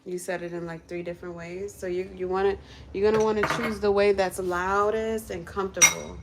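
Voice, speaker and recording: A woman chatting casually on a livestream from her kitchen while cooking, coaching viewers step by step through a quick singing lesson in an encouraging way. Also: lowish voice, steady tone, heavy background noise. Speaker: content creator and vocal coach.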